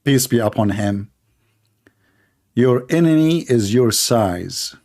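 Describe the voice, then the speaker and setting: A man's voice: mid-range voice, expressive, takes it slowly, a little mellow. A man hosting a confrontational call-in debate, speaking in a sarcastic, taunting way. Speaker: debate show host.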